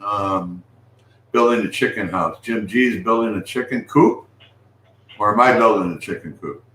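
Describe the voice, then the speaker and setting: A man's voice: lowish voice, moderate pace, pushed and bright. A man hosting a casual live stream, rambling with restarts and calling out to viewers. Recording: echoey room with faint noise.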